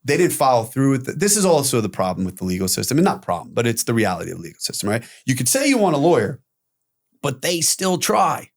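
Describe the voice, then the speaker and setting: A man guest on a podcast telling his own story candidly, animated, acting out quoted voices and swearing casually. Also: medium pitch, quick pace.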